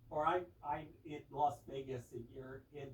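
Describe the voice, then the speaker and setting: A man's voice: mid-range voice, steady tone, normal speed. A man in casual chat who rambles, brags and laughs often. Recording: echoey, distant, faint noise.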